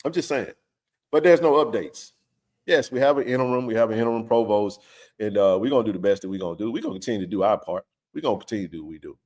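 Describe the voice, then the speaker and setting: A man's voice: lowish voice, animated, rapid-fire, darkish tone. A middle-aged man hosting a live sports stream, talking with passionate, blunt, emphatic energy and plenty of slang.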